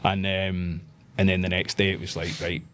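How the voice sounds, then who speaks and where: A man with a Scottish accent, a podcast guest telling stories in a lively way and acting out the voices of the people in them. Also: low-pitched, normal speed, background noise. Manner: animated anecdotes, acts out quoted voices. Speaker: podcast guest, pro wrestler. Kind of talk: casual storytelling interview.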